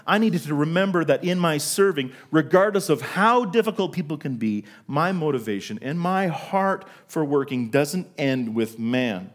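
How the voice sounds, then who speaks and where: A middle-aged man preaching a sermon to a congregation, telling a story from his own working life and slowing down to stress key words. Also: mid-range voice. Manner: storytelling, asks the congregation questions, slows for emphasis. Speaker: pastor.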